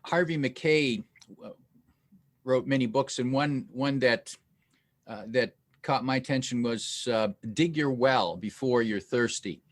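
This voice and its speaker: A man's voice: mid-range voice, measured pace. A man hosting an interview, telling a short story with some hesitation and fillers. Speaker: interview host.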